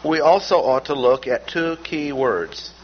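A man giving an expository Bible lesson in a measured, emphatic way, repeating key words as he lists points. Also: medium pitch, lively intonation. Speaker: Bible teacher. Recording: dull lo-fi recording with faint noise.

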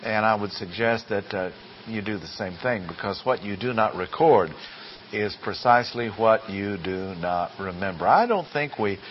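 A man teaching Greek grammar from the Bible in a classroom lecture, deliberate and full of rhetorical questions. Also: fairly low pitch, a little hiss or hum. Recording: dull lo-fi classroom recording.

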